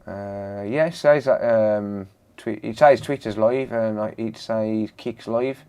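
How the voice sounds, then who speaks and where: A man talks slowly and easily in a casual live-stream chat. He reels off viewers' names in greeting and answers the chat with laid-back banter from his repair bench. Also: fairly low pitch, warm tone, clean tone.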